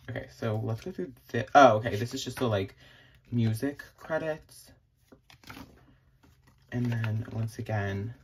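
A young man in a casual unboxing vlog, gushing and excitable, with frequent gasps and many fillers. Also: medium pitch, vocal fry, slight background noise. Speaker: vlogger.

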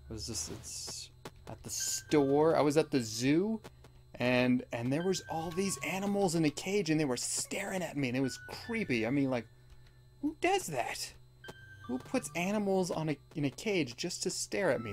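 A man giving let's play commentary, rambling with deadpan absurd jokes. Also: medium pitch. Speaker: gamer.

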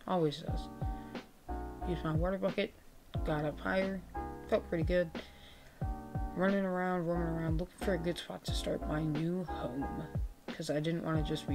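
Gravelly low-voiced woman narrating gameplay. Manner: chatty, laid-back, self-mocking. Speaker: gaming video creator. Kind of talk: casual gameplay commentary. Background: background music, keyboard typing.

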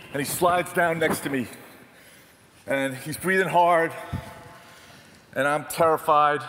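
A man speaking on stage as a photojournalist, telling war stories in an animated, self-deprecating way. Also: fairly high pitch. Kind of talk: storytelling talk on stage. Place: large theatre hall. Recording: distant reverberant hall, faint noise.

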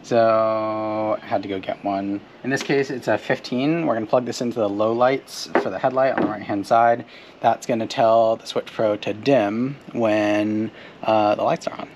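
A man's voice: on the low side, fairly even intonation, normal speed, dull audio, noisy background. A man in a casual how-to vlog, explaining step by step with fillers while working on a truck in a driveway outdoors.

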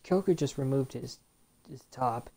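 Low-voiced woman with a gravelly edge. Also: a little slow, warm tone. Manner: chatty, reacts to the game, reads on-screen text aloud. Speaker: gaming channel host. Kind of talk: let's play commentary.

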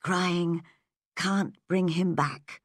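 A woman's voice: lowish voice, steady tone, very slow, dry recording, clean studio sound. A woman doing a weary older farm woman. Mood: sorrowful. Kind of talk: storybook reading.

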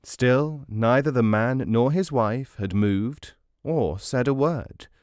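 A man reading a folk tale aloud in a measured, expressive way. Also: medium pitch, dry recording, studio quality. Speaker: storyteller. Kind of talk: read-aloud storybook narration.

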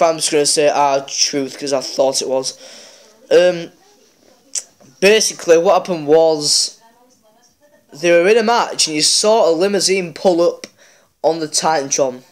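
A man's voice: a little high, measured pace, pauses often. A man hosting a mobile game channel, casually recapping a wrestling show with lots of fillers and restarts. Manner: rambling, many fillers and restarts.

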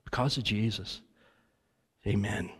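A man leading a congregation in an earnest, halting spoken prayer in church. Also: lowish voice, a little hiss or hum. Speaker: guest preacher leading prayer. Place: church sanctuary.

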